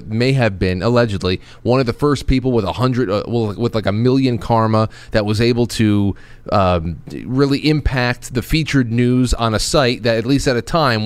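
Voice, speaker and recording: A man hosting a talk show in casual chat, often halting and restarting his sentences. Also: medium pitch, clear, resonant tone, dry recording. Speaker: podcast host.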